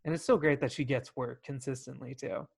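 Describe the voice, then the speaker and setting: A man's voice: medium pitch, steady tone, brisk, gravelly, husky. A man co-hosting a casual film review chat, retelling scenes with acted-out quotes and swearing. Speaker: podcast co-host.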